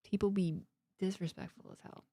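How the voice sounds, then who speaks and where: A woman in her thirties hosting a live watchalong stream, chatting casually from home in an animated, emotional way, swearing freely and restarting her sentences. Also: medium pitch, normal speed, no echo, studio quality. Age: 30s.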